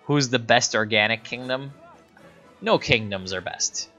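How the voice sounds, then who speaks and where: A man's voice: medium pitch, a little slow, sharp tone, dull audio, faint music behind. Chatty man streaming a strategy game. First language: Italian. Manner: chatty, joking, reads chat aloud. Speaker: gaming streamer. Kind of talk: casual live game commentary.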